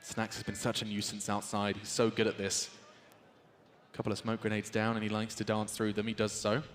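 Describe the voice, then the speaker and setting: A man giving live play-by-play commentary as an esports caster, wry and quick, rising to loud shouts on big plays. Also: lowish voice, completely flat delivery, a little hiss or hum. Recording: game gunfire and clicks behind.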